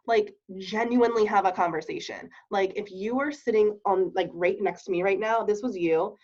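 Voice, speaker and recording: A woman's voice: mid-range voice, normal speed, hardly any pauses, darkish tone. A woman giving a casual training talk on network marketing, chatty and laughing often, checking in with her listeners. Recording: dull lo-fi recording.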